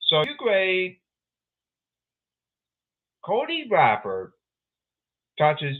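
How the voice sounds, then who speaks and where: A man hosting his own podcast, talking through sports clips in a rambling, excitable way and repeating himself. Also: sits high, drawn-out words. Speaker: podcast host. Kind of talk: casual solo podcast commentary. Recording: tinny phone-like sound.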